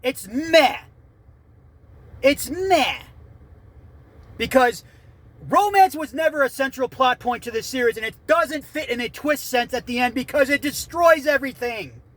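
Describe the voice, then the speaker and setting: A man giving an off-the-cuff, rambling rant about an anime ending, swinging between loud outbursts and quieter muttering. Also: very high-pitched, moderate pace. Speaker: anime commentator.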